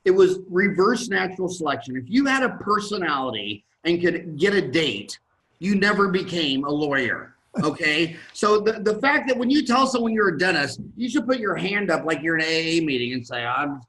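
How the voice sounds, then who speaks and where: A dentist in his fifties, a guest in a podcast conversation, telling blunt, animated stories and acting out what other people say. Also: on the high side, moderate pace, poor audio.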